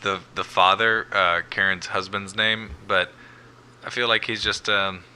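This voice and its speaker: A man's voice: fairly low pitch, level tone, a little slow, sharp tone, slight background noise. A man co-hosting a podcast, chatting casually about a TV episode in an easygoing way, swearing casually and laughing along. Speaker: podcast co-host. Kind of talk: casual recap chat.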